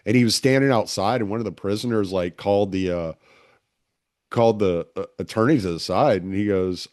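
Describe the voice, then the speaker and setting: A man hosting a relaxed conversation, rambling with lots of filler words. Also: low-pitched, fairly quick, no room sound, clean studio sound. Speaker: podcast host. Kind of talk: casual conversation.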